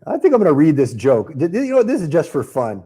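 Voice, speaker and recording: A man hosting a live webinar, pitching a marketing program in a chatty, upbeat way and answering viewers by name. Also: huge pitch swings, fast talker, mellow, slightly rough.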